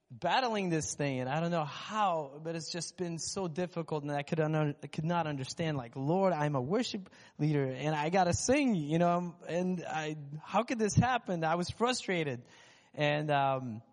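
In the large hall of a church sanctuary, a worship leader with a slightly high voice offers his congregation a candid testimony that pokes fun at himself. He's recovering from having lost his voice.

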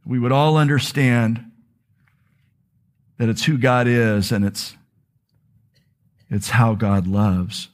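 A man's voice: mid-range voice, fairly even intonation, slow pace, pauses often. A man preaching a sermon to a congregation, telling a personal story in an earnest, confessional way. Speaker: pastor.

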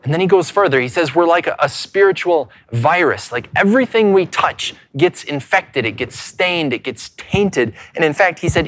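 A man pastor preaching a sermon earnestly, repeating words as he goes and dropping to hushed lows between loud points. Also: lively intonation, normal speed, hardly any pauses. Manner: frequent repeated words and restarts.

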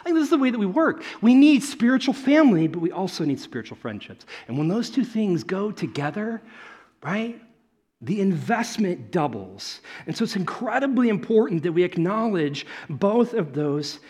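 A man in his thirties preaching a sermon, telling stories and acting out quotes, swinging between loud and soft. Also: high-pitched, very animated, moderate pace, breathy edge. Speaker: pastor.

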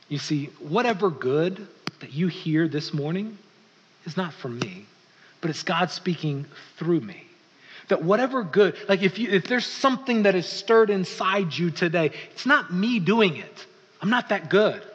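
A man preaching a sermon as pastor, telling the story in a lively way and acting out the voices of the people in it. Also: fairly high pitch, breathy edge. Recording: muffled sound with long hall reverb.

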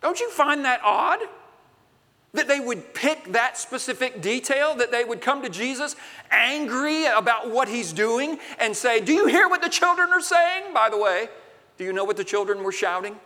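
A man preaching a sermon in a large church, swinging from loud, emphatic lines to hushed ones. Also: very high voice, moderate pace. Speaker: pastor. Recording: long hall reverb.

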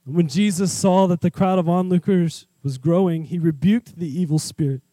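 List: man, preacher, animated, candid, talks like a friend, close dry recording. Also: high-pitched, moderate pace, no echo. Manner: animated, conversational, acts out scenes; candid and personal. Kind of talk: sermon.

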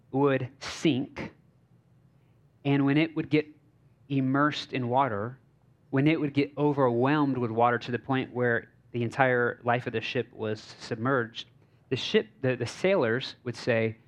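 A male pastor giving a conversational sermon, telling stories informally with frequent fillers and restarts. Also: medium pitch. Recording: slightly dull lo-fi recording.

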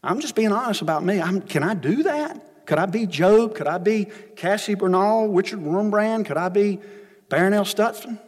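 A man preaching an earnest sermon as pastor, rising to emphatic questions and dropping low, ending with an altar call. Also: expressive, moderate pace. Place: church sanctuary. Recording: long hall reverb. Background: music.

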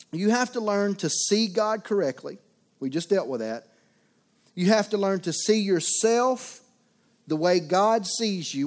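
A middle-aged pastor preaching a sermon. He is folksy and humorous, and he swings from loud preaching to quiet asides. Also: sits high.

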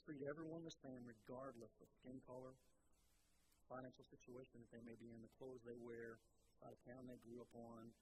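A male pastor preaching a sermon in a conversational way, repeating key phrases and growing louder and higher when stirred. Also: flat delivery, fairly quick, noisy background.

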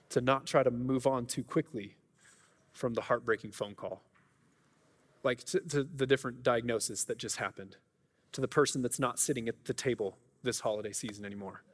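A man's voice: mid-range voice, breathy edge, in a large hall. A man preaching a sermon as a pastor, talking in an earnest, conversational way with many restarts and asides. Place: church auditorium.

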